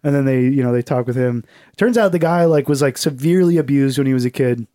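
A man's voice: mid-range voice, fast, warm tone, no room sound, clean studio sound. A man co-hosting a casual comedic chat, loose and profane, with lots of fillers. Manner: loose and profane, full of fillers, slips into mocking voices. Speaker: podcast co-host.

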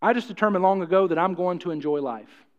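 A man's voice: sits high, quick pace. A middle-aged man preaching a sermon to his congregation, folksy and jokey, often repeating himself and putting questions to the room. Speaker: pastor. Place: church hall. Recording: muffled, with long hall reverb.

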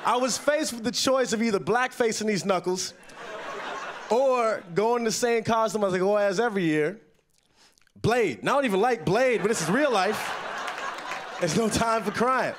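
A young man doing a stand-up comedy set on a festival stage, telling stories with animated delivery and sudden loud yelled impressions. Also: high-pitched, moderate pace, a little hiss or hum.

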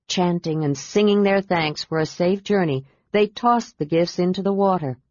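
A woman narrating a fantasy novel in an even, measured reading, with a dull lo-fi sound. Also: fairly low pitch, no echo. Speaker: audiobook narrator. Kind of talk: scripted narration. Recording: dull lo-fi audiobook recording.

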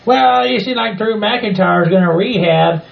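A man's voice: high-pitched, normal speed, creaky, reverberant, highs cut off. A man co-hosting a wrestling podcast, ranting in a crude, rambling, folksy way. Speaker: podcast co-host. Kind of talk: casual wrestling chat.

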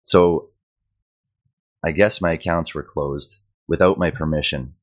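A man's voice: rumbling low, fairly even intonation, measured pace. A Canadian man in his thirties telling a personal story in an agitated, exasperated way, mimicking the people he quotes. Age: 30s. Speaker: community hangout participant.

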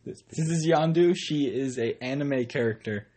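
A young man with a husky, slightly breathy voice talks loudly and rambles through a casual podcast chat. He laughs easily and is recorded on a tablet's built-in microphone. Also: medium pitch, normal speed. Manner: loud, giggly, rambling. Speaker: podcast co-host. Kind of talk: casual banter.

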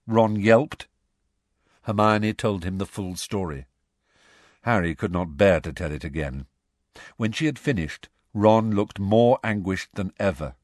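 A man reading a children's fantasy novel aloud in a measured, expressive storybook narration. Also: low-pitched, no room sound, clean studio sound. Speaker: audiobook reader.

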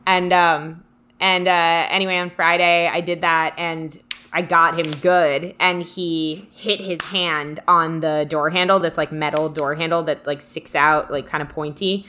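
Bright, chatty young woman. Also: low voice, little pitch movement, measured pace, a little hiss or hum. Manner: reflective, chatty, many "like" fillers. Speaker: podcast co-host. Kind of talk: casual chat.

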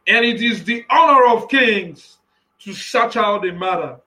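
A man preaching an impassioned sermon, breaking into shouted bursts and often repeating and restarting his phrases. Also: high-pitched, lively intonation, a little slow, poor audio.

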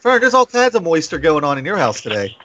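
A man's voice: a little high, sing-song, fast, highs cut off, background noise. A man hosting a casual comedy podcast, joking and profane with theatrical introductions. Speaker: podcast host.

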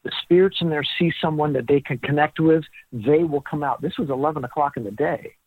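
A man, the guest author in an interview, telling an animated story and acting out what people said. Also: on the high side, brisk, husky, no echo. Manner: animated storyteller who acts out the dialogue. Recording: tinny phone-like line, dry.

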